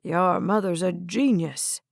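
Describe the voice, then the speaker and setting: A woman voicing a gruff, blunt elderly grandfather in an audiobook, recorded dry. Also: fairly low pitch, takes it slowly, dry recording, exaggerated voice. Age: over 70. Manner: gruff and plainspoken.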